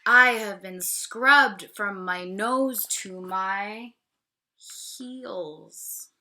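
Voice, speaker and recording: Give me a squealing, complaining storybook pig with a bright, high voice, taking each word slowly, as a woman reads it aloud. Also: full character voice. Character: grumbling farm pig, female, squealing.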